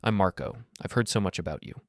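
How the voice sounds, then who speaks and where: Man voicing a smooth menacing club owner. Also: low voice, fast talker, no echo, studio quality, lightly acted. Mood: smooth menace. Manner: smooth, condescending, quietly threatening.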